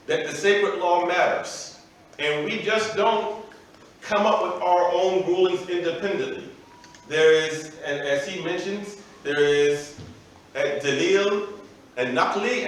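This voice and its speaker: A man delivers a religious lecture with emphatic explanations, his voice sitting a little high. He is heard from a distance in a very echoey room, with a faint noise underneath. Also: fairly bright tone. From United States. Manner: explanatory, emphatic, asks the audience "right?". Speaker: imam giving a lecture. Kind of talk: religious lecture to a live audience. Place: festival venue with an audience.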